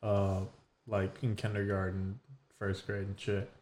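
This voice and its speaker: A male podcast host with a lowish voice and a faint hiss of noise under it. He talks in a loose, easygoing way, swearing casually as he chats with a friend. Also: completely flat delivery, unhurried, a little mellow. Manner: loose and profane, laid-back. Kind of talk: casual chat.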